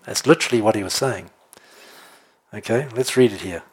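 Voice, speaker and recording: Husky-voiced man preaching with jokes. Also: on the low side, fairly quick. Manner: animated, jokey, laughs often, asks the room "right?". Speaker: pastor. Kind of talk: sermon.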